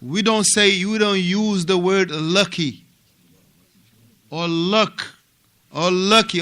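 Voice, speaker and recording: A man from Africa teaching a religious class at a mosque, animated and repetitive, often asking his students questions. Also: sits high, takes it slowly, pauses often, clean tone. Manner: animated, repeats words and asks students questions.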